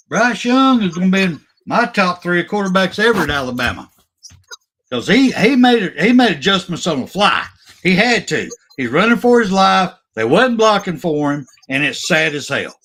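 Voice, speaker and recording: A man's voice: sits high, fairly bright tone, slight background noise. A man hosting a casual sports talk show, opinionated and emphatic, often restarting his sentences.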